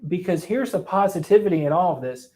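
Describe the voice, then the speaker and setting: A man hosting a sales training talk show, telling stories in a lively, animated way and acting out both sides of a conversation. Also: high-pitched, quick pace. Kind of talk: casual storytelling chat.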